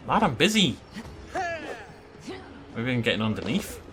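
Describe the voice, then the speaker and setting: Lively man narrating his gameplay. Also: medium pitch, unhurried, over music. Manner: chatty, joking, thinking aloud. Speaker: gaming YouTuber. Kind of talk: let's play commentary.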